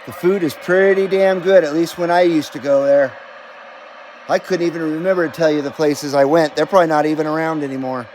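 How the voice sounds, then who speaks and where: A man in his fifties hosts a casual CB radio live stream from his home radio room, laid-back and jokey as he reads viewer comments and calls out on air. His voice sits fairly high for a man. A faint hiss runs under the recording. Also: fairly even intonation, fairly quick, darkish tone. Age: 50s. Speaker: CB radio livestream host.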